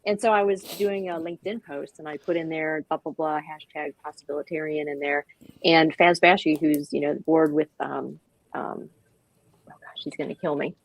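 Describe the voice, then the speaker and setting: Lively low-voiced woman guest. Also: normal speed, rough recording. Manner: animated, acts out quoted voices with laughter. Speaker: guest, dog park expert. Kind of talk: enthusiastic casual talk on a video call.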